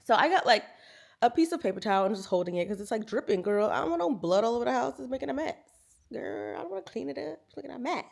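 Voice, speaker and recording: A lifestyle vlogger in her thirties tells a story to camera, her fairly high, creaky voice moving at a quick pace. She's animated and chatty, treating viewers like friends and calling them "girl" and "y'all."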